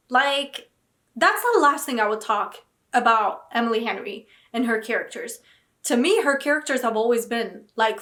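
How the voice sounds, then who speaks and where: A young woman who vlogs about books reacts casually and animatedly, breaking into dramatic, indignant outbursts. Her voice is fairly high and fairly bright.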